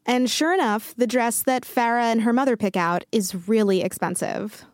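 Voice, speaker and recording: A woman host narrating a story in a measured, scripted way. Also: fairly high pitch, no room sound, studio quality.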